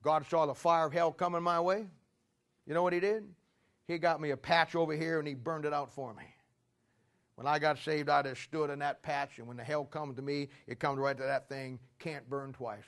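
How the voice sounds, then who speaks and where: A man preaching in a homespun, storytelling manner, with a voice pitched a little high. He repeats phrases and clears his throat often, climbing to loud peaks and then dropping low and quiet. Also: fairly even intonation, a little fast. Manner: builds to loud shouting climaxes, then drops quiet. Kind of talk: folksy sermon storytelling.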